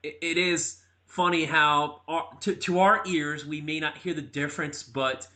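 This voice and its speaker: Bright-voiced chatty male sports host. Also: a little high, steady tone, a little slow. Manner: chatty, stammers and repeats words. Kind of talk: casual interview chat.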